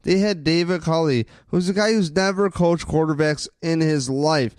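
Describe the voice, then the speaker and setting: A man's voice: a little high, normal speed, no echo, studio quality. A man co-hosting a sports podcast, ranting with lots of swearing in casual chat. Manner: profane, ranting, animated. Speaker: podcast co-host.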